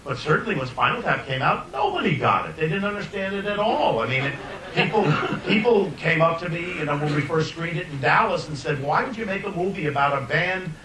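Animated older man telling stories. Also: a crowd in the background. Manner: animated, laughing, quick restarts. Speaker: filmmaker guest. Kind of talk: anecdotal storytelling. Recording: roomy distant mic, faint rumble.

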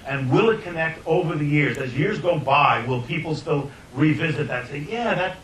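An older man, a filmmaker, telling anecdotes in an animated way, often laughing and restarting his sentences. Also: moderate pace. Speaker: filmmaker guest. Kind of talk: anecdotal storytelling. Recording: roomy distant mic, faint rumble.

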